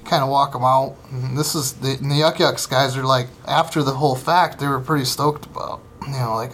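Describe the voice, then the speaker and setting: A comedian and former service member, appearing as a podcast guest, tells stories in a casual chat, swearing constantly and acting out the people he quotes. His mid-range voice moves briskly with few pauses. The room sounds roomy, with faint ambience and slight background noise.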